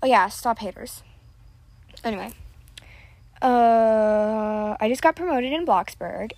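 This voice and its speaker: A teen girl podcasting through a built-in device mic rambles casually, full of "like" and self-deprecation. Her voice is on the high side and a little mellow, a little slow with long pauses, and the recording is dry.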